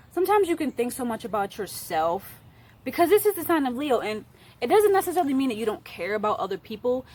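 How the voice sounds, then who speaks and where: A woman's voice: fairly high pitch, slight background noise. A young woman giving a casual, chatty astrology talk, playful and full of fillers. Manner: chatty and playful, many fillers, slips into acted voices. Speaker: astrology youtuber.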